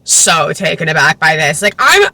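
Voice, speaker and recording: A woman in her twenties casually recapping a book, talking fast with lots of fillers and sarcastic asides. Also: sits low, big pitch swings, vocal fry, sharp tone, slightly rough, no echo. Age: 20s. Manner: chatty, filler-heavy, sarcastic asides, laughs often. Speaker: book vlogger.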